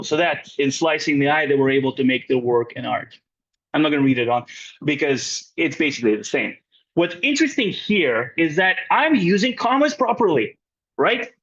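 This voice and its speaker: Animated man teaching a poetry workshop. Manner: checks in with frequent "right?" tags; animated, pitch jumping up and down. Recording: muffled lo-fi recording.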